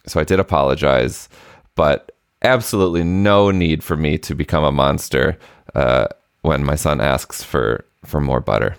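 A man's voice: extremely low pitch, normal speed, creaky, no echo, studio quality. A man in his thirties co-hosting a parenting podcast, telling a story with many restarts and self-deprecating remarks. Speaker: podcast co-host. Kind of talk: casual parenting chat.

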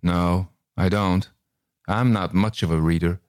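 A battle-worn corporal with a New York accent drawls short, curt answers in a languid way, voiced by a man reading a story aloud. His voice sits very low. It sounds close and dry, with no room around it. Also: fairly even intonation, unhurried, darkish tone, no echo. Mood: laconic. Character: curt, weary, scarred American army corporal.

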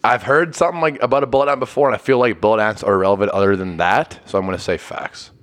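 A man's voice: lowish voice, rapid-fire. A young man co-hosting a podcast, chatting loosely and crudely with friends. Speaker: podcast co-host. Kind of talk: casual chat.

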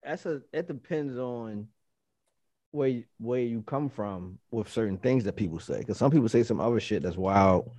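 A man's voice: medium pitch, normal speed, no echo. A man co-hosting a podcast, arguing animatedly and profanely in casual chat. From Baltimore. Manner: animated, profane, argues points with quoted voices. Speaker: podcast co-host.

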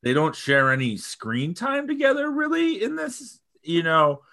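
A man's voice: high voice, very animated, a little slow, bright, forceful tone. A man co-hosting a podcast, talking in long rambling runs with casual swearing and frequent laughter. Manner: rambling, profane, laughs often. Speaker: podcast co-host.

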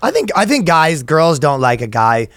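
A man's voice: on the high side, big pitch swings, moderate pace, fairly bright tone, no echo. A man co-hosting a comedy podcast, chatting casually with crude jokes, rambling and laughing often. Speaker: podcast co-host.

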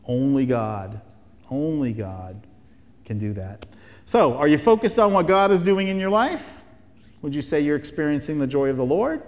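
A pastor with a slightly high voice preaches to his church, pressing his points with rhetorical questions and phrases that he repeats. His sermon rings out with a long reverb, as in a large hall. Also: very animated, normal speed.

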